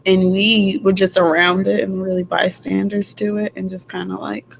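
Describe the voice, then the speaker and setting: A woman's voice: mid-range voice, little pitch movement, moderate pace, gravelly. A young woman co-hosting a casual chat, chiming in laid-back remarks about her friend's story. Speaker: podcast co-host. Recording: faint background noise.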